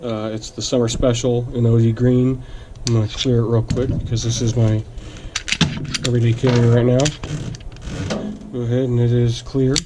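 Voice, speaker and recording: A man hosting his own channel, slightly hoarse as he is losing his voice, talking casually about a product with plenty of fillers and restarts. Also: medium pitch, normal speed, long pauses, background noise. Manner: relaxed, rambling with fillers and restarts. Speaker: gun channel host. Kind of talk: casual product talk to camera.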